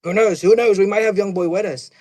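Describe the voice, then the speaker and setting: A man's voice: high voice, fast, a crowd in the background, lightly acted. Young man doing a blustering old politician. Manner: repetitive, self-interrupting, bragging. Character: blustering older male politician, boastful and rambling. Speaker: debate moderator. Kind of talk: mock debate impression.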